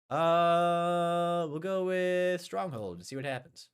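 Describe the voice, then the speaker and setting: A young man streaming a game live, chatting casually and thinking aloud, often trailing off quietly. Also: on the high side, big pitch swings, slow pace, clean tone.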